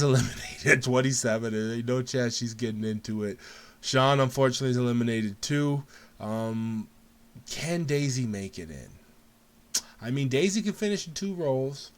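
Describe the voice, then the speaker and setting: A man hosting a casual live game show, calling results in an excited, jokey way and laughing often. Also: mid-range voice. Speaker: host.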